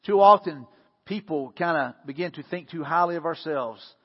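A man's voice: a little high, normal speed, husky. A male pastor preaching a conversational sermon, often repeating words and building force when he acts out prayers. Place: church sanctuary. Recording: dull lo-fi sound with long hall reverb.

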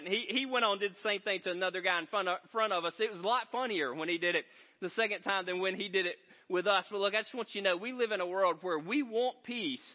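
A man preaching a sermon in a large church, telling stories in a conversational, joking way. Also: sits high. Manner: conversational storytelling, animated and joking. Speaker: pastor. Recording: reverberant hall, dull sound.

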